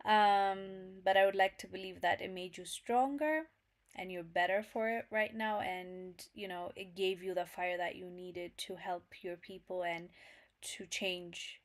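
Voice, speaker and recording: A woman's voice: fairly low pitch, steady tone, measured pace. A young woman hosting a casual livestream, reading viewers' chat messages aloud and answering them with frequent laughs. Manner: chatty, laughs often, talks to viewers as "fam". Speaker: channel host reading live chat.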